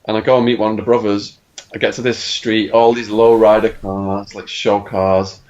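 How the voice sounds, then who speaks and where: A middle-aged Englishman, appearing as a podcast guest, tells a dramatic story with animation, acting out other people's lines. He speaks at normal speed in a lowish voice, and the recording's highs are cut off.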